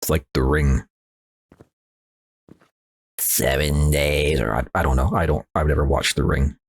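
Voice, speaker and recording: This let's play host has a rumbling low, gravelly, husky voice and a flat, unhurried delivery, captured at studio quality with no echo. Slightly nasal after sneezing, he rambles casually through a horror game, poking fun at himself and talking to it.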